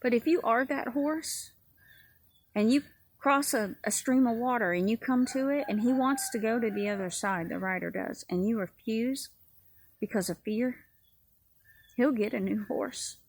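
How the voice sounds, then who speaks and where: A woman's voice: fairly high pitch, unhurried, no room sound, rough recording. A woman giving a personal testimony sermon in an earnest, repetitive preaching cadence. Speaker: ministry speaker.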